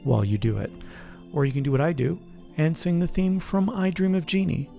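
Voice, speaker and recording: Gravelly, chatty man with music behind. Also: on the high side, a little fast. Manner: relaxed, chatty, many fillers. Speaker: podcast co-host. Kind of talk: casual chat.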